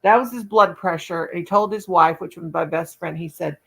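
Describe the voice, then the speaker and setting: A woman with a lowish voice and a gravelly, creaky edge talks through a long personal anecdote. She rambles in a folksy, chatty way and keeps circling back to her point. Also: normal speed, poor audio. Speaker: crochet channel host. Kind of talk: casual storytelling chat.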